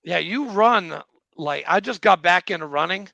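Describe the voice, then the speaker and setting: Male podcast host, bright high gravelly voice, excitable, teasing banter. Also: normal speed, no echo, highs cut off. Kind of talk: casual interview chat.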